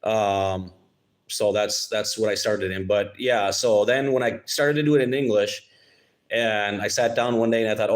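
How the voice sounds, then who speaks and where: A man's voice: lowish voice, steady tone. Rambling man chatting live. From Minnesota, United States. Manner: rambling, halting, with many restarts and sarcastic asides. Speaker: YouTube channel host. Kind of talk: casual live-stream chat.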